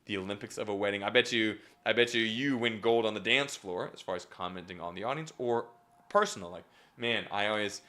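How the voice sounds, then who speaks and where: A young man coaching comedy writing on a live stream, talking casually with lots of fillers and restarts and jumping into acted-out bits. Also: fairly quick. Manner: animated, jumps into acted-out bits with big pitch swings; repetitive fillers (yep, okay), restarts.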